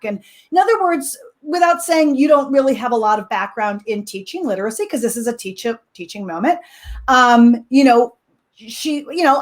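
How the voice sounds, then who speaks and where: A middle-aged woman telling a lively classroom story in a casual talk, with many fillers and quick laughs. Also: fairly high pitch. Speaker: co-teaching expert guest.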